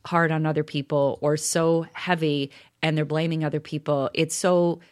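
A woman's voice: low voice, level tone, moderate pace. A middle-aged woman co-hosting a podcast with her husband, talking in a reflective, earnest way with frequent restarts. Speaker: podcast co-host. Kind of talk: casual conversation.

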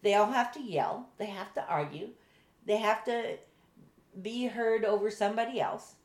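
A woman's voice: medium pitch, moderate pace, darkish tone. A woman co-hosting a casual political chat, blunt and exasperated, rambling with restarts. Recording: echoey room.

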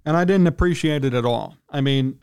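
A man with a Chicago accent, hosting a sports talk radio show, ranting indignantly and clearing his throat as he gets worked up. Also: a little fast, darkish tone. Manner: indignant, ranting, pitch jumps when worked up. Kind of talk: heated sports talk rant.

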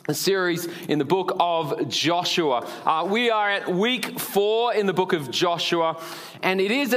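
Man, 40s, from Australia, pastor; high voice, storytelling sermon full of "uh"s. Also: fairly bright tone. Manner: storytelling, frequent "uh" fillers, asks the audience.

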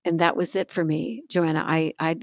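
Middle-aged woman, low-ish voice, dry close sound, earnest faith talk, quotes scripture a lot. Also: flat delivery, normal speed, vocal fry, dry recording. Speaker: author guest. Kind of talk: heartfelt faith interview.

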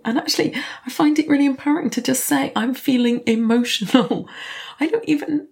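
A woman's voice: a little high, creaky. A middle-aged woman coach talking candidly in a reflective podcast, now and then swearing. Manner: candid, warm, occasionally swears.

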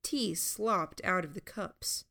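A woman narrating a first-person audiobook in an unhurried, steady storytelling manner. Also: lowish voice, creaky.

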